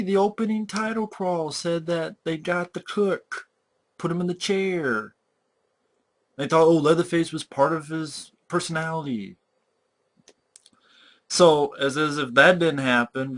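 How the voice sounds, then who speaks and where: A man giving a ranting movie review, swearing freely and sounding exasperated and animated. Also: fairly high pitch. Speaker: film reviewer.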